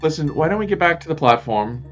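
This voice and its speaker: A man's voice: a little high, lively intonation, quick pace, fairly bright tone, faint music behind. Casual man steering his group. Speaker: player. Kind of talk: casual tabletop chat.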